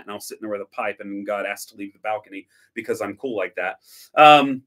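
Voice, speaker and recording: A man's voice: on the low side, fairly quick, fairly bright tone. Rambling, self-correcting man on a late-night stream. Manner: rambling, restless, with many self-corrections and asides; jokey, breaks into mock dialogue. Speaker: coffee educator hosting a stream. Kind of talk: late-night livestream chat.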